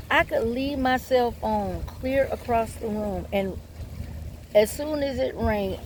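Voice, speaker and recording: A woman's voice: a little high, a little mellow, slight background noise. A woman vlogger telling her own story and giving advice to viewers. She talks bluntly and candidly, swears freely, and keeps turning to her audience.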